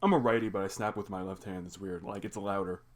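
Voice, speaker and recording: A man's voice: sits low, steady tone, quick pace, noisy background. Young man rambling through a recap. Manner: rambling, heavy use of "like" fillers. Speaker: reaction video host. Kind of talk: casual episode recap.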